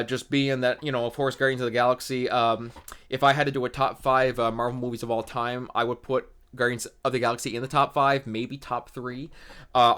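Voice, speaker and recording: A young man co-hosting a podcast, ranting excitedly in casual chat and swearing constantly as he keeps exclaiming. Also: medium pitch, clean tone. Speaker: podcast co-host.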